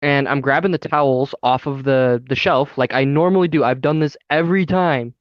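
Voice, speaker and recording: A man's voice: mid-range voice, normal speed, no echo, dull audio. A young man telling a story in casual chat as a podcast co-host, heated and profane throughout.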